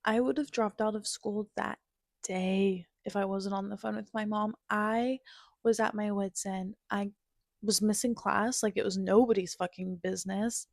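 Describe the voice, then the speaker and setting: A woman's voice: medium pitch, steady tone, normal speed, creaky, darkish tone, no room sound, clean studio sound. A woman in her twenties telling a candid personal story as a podcast host, blunt and self-mocking, swearing freely and moving between wry humor and raw feeling.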